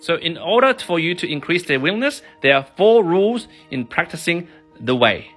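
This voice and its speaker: Energetic dad with a bright voice. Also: male voice, a little high, normal speed, soft background music. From Australia. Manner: energetic, emphatic, animated storytelling. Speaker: parenting and kids' finance author. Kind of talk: motivational talk to camera.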